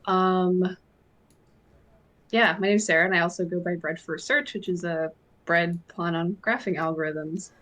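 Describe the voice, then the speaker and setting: A woman with a lowish voice co-hosting a casual online panel. She chats easily and drops in dry, playful asides. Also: measured pace, a bit bright. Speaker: panel co-host. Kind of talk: casual chat.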